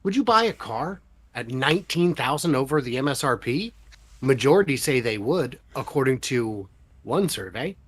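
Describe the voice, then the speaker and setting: A man's voice: mid-range voice, big pitch swings, normal speed, husky. A man co-hosting a casual podcast, chatting with wry, joking asides. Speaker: co-host.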